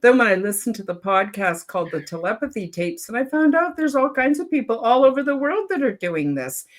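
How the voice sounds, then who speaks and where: A woman in her seventies hosting a panel over a video call, talking in a rambling, halting way with lots of fillers and restarts. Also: on the high side, sing-song. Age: 70s. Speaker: show host. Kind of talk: casual panel chat.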